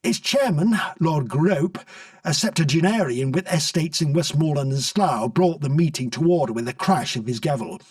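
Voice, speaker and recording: A man narrating a comic story in an expressive storybook reading, recorded dry from a distance. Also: fairly high pitch, moderate pace, no room sound.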